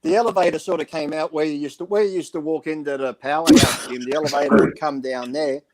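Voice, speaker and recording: A man's voice: a little high, fairly even intonation, fast talker, a loud crowd. A man telling rambling gym anecdotes in a casual radio talk show, acting out the quoted lines. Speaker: podcast panelist. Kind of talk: casual storytelling chat.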